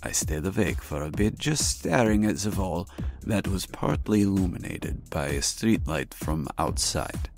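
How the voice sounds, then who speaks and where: A man telling a spooky childhood story in a put-on mock German accent, deadpan and crude. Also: low voice, a little slow, creaky, music in the background, exaggerated voice.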